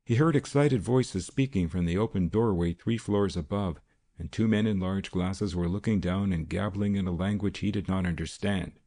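Man reading a novel aloud, real low voice, dark and gravelly. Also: normal speed. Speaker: audiobook narrator. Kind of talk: scripted narration.

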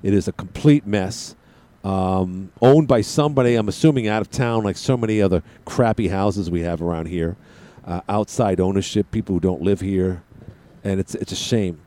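On the low side and a little fast, this man's mellow voice hosts a call-in radio show. He jokes around and rambles, taking plenty of tangents.

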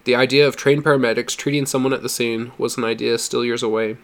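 Gravelly-voiced man reading a story. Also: mid-range voice. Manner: steady, measured reading. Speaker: audiobook reader. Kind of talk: storybook narration.

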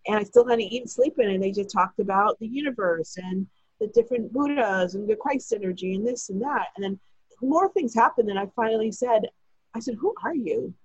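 A woman's voice: mid-range voice, expressive, fairly quick, darkish tone, breathy edge, dry recording, highs cut off. A woman telling a long personal story in a chatty, breathless way, acting out the lines of the people in it. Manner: chatty, breathless retelling with quoted dialogue. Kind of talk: casual storytelling.

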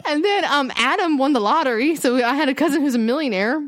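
A woman in her twenties co-hosting a podcast, telling stories in a lively, casual way with lots of "like" and some swearing. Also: high voice, fast talker, dry recording, studio quality. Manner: animated storyteller, casual swearing, frequent "like". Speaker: podcast co-host. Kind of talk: casual chat.

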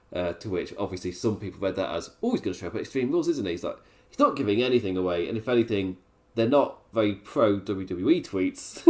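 Laughing, rambling man. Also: medium pitch. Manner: laughs often, rambling and animated. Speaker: wrestling reviewer, livestream host. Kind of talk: casual live review.

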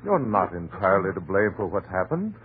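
Husky, calm doctor in old radio drama. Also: male voice, sits low, fairly quick, exaggerated voice. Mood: reassuring. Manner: soothing, firm, reassuring. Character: calm doctor and family friend. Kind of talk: 1940s radio acting. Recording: tinny old radio recording.

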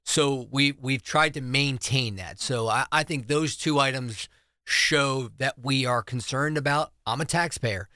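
Bright-voiced middle-aged man from New Jersey. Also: mid-range voice, unhurried, no echo, clean studio sound. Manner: earnest, explains with figures and numbers. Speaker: school superintendent, guest. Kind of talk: radio interview answers. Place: radio studio.

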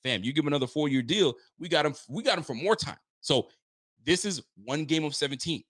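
A man's voice: fairly high pitch, lively intonation, fairly quick, fairly bright tone, no echo, clean studio sound. Hyped man recapping a football game. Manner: hyped, emphatic, joking and rhetorical. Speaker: fan channel host. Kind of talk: live stream football recap.

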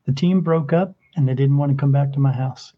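A man telling a paranormal story in casual conversation, animated and acting out the voices of the people he quotes. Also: fairly quick, highs cut off. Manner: animated, acts out quoted voices with rising pitch.

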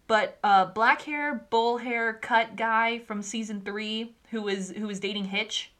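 A woman talking casually on a podcast, animated and swearing as she rants about a show. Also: mid-range voice. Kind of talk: casual chat.

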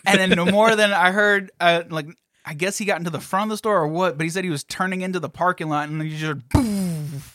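Brief: man, slightly higher voice, quick animated storyteller, dry close sound. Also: no echo. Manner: animated anecdote telling. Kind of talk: casual storytelling chat.

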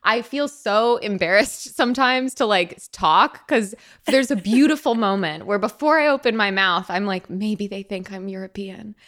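A woman's voice: on the high side, lively intonation, moderate pace, fairly bright tone. An American woman hosting a podcast in casual chat, laughing often and gushing with exclamations. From United States. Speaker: podcast host.

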